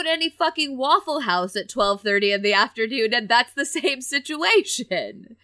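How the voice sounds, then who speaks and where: A woman's voice: on the high side, expressive, moderate pace, few pauses, sharp tone. A woman in her thirties co-hosting a podcast, talking candidly in a casual film-review chat and often laughing while she tells stories. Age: 30s. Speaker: podcast co-host.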